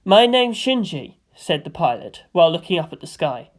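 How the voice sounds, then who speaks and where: A woman doing a calm sly teenage boy. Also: on the low side, moderate pace. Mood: friendly.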